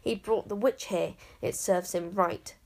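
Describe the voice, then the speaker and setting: A woman's voice: mid-range voice, fairly even intonation, a little slow, darkish tone, natural voice. Woman doing a sulky young wizard boy. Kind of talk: audiobook character voice.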